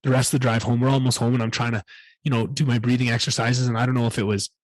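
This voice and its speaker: Guy rambling fast thru a personal story on his podcast, husky voice, dry close mic. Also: medium pitch, little pitch movement, no room sound. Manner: rambling, candid, swears a lot. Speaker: podcast host.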